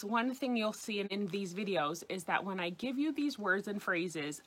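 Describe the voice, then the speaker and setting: American woman w/ new york accent teaching french, careful slow clear delivery, friendly lesson vibe. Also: medium pitch, a bit bright. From United States. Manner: clear, deliberate, careful over-enunciation of example words. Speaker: French teacher on a video channel. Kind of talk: scripted language lesson.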